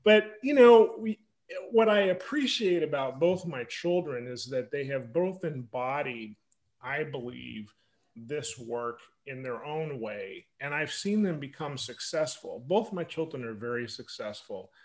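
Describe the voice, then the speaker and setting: A man in his fifties, an author interviewed as a guest, telling animated stories with frequent laughter. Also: medium pitch, unhurried, low-quality recording. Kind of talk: conversational interview storytelling.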